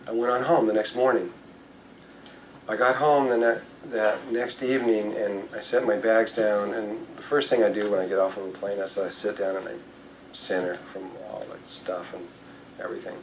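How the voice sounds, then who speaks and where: A man's voice: fairly low pitch, fairly even intonation, normal speed, a little hiss or hum, low-quality recording. Older man telling a rambling story. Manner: rambling anecdotal, with fillers and self-corrections. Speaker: spiritual speaker. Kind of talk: storytelling talk to an audience.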